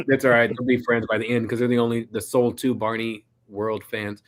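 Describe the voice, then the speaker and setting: A man's voice: medium pitch, level tone, normal speed. A young man with a Detroit accent co-hosting a fan podcast, teasing the others and laughing often in casual chat. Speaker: podcast co-host.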